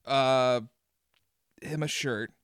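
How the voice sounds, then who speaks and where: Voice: mid-range voice, fairly even intonation, very slow, smooth, dry recording, studio quality. A podcast co-host chatting casually, swearing freely, laughing often and acting out quotes. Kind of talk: casual chat.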